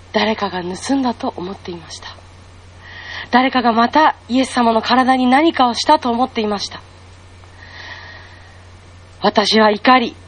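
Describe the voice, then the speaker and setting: A woman playing a grieving young unmarried woman in a devotional monologue, speaking in a hushed, tearful, questioning way. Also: a little high, low-quality recording. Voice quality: breathy, often whispered.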